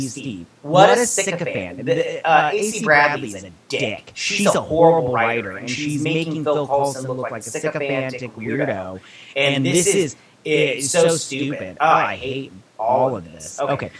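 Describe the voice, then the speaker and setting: Man rambling an irritated episode recap. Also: medium pitch. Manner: loose, run-on retelling with "he's all like" quotes; openly irritated, mocking. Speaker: show host reviewing an episode. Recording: roomy, distant mic with crowd noise behind.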